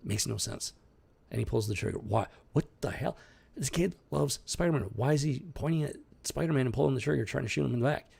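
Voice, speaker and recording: A man's voice: mid-range voice, a little fast, creaky, a little mellow, breathy edge. A man hosting a comic book review show, ranting in exasperated, incredulous casual commentary. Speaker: podcast host reviewing comics.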